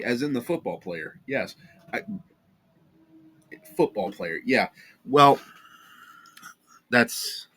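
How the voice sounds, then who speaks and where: Tired, sarcastic American guy with a bright voice. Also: medium pitch. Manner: rambling, sarcastic, self-correcting. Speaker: commentary channel host. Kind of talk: casual drama commentary.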